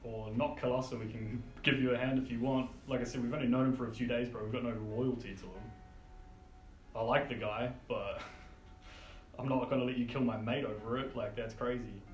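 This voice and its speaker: A man's voice: mid-range voice, fairly even intonation, fairly quick. A man playing a tabletop game who talks in a laid-back way, laughs often and says bro and mate. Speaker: player. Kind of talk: casual in-character chat. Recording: roomy echo.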